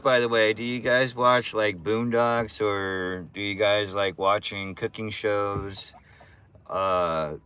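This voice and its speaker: Brief: relaxed male streamer, easygoing slangy chat, slow delivery, bright tone. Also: lowish voice. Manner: laid-back, chatty, slang-heavy. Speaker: live streamer. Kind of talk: casual live-stream chat.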